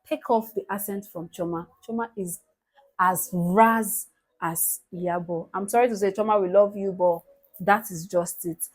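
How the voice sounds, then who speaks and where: A Nigerian woman recapping a reality show in casual, animated gossip, laughing often. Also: medium pitch, a little slow. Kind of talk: casual chat.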